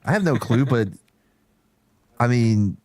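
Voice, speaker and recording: Crude joking male host, animated. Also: mid-range voice, slow. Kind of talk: casual chat.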